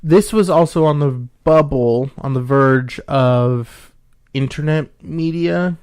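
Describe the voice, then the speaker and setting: A man co-hosting a casual podcast chat, explaining background at length and filling pauses with ums. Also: fairly high pitch, darkish tone, clear, resonant tone. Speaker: podcast co-host.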